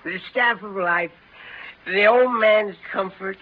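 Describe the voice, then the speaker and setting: An actor playing a tipsy, clowning middle-aged uncle in a 1930s radio drama, drawling mock-grand toasts. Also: male voice, high voice, takes it slowly. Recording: dull old radio broadcast, faint hiss.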